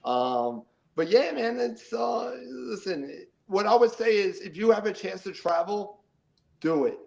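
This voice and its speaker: This middle-aged interview guest from around New Jersey and New York has a voice that sits high, with vocal fry, and he speaks a little slowly. The audio is poor, and he's animated and casual, often laughing and repeating words.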